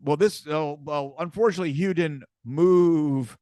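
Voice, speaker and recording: A man hosting a podcast, telling stories in casual chat, halting and repeating words as he goes. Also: fairly high pitch, dark tone, dry recording. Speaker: podcast host.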